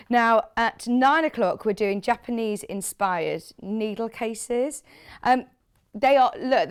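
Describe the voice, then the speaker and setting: A woman presenting fabrics on live shopping television, chatty and gushing, reading out viewer comments as she talks. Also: mid-range voice. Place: TV studio.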